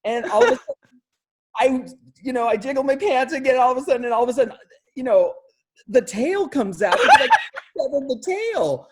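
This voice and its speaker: Man, husky voice, lively swooping pitch, excitable storyteller. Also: a little fast. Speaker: guest storyteller. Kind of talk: casual group chat.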